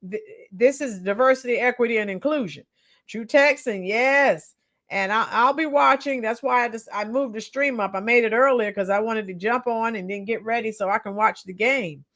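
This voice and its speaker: A woman's voice: fairly high pitch, normal speed, fairly bright tone. A woman hosting a casual livestream, reading viewer comments aloud and chatting with her audience. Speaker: livestream host.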